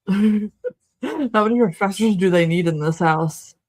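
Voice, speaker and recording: With a medium-pitched, slightly mellow voice at a measured pace, a young livestream host jokes casually through a movie watch-along. She talks to her chat in playful asides and laughs frequently.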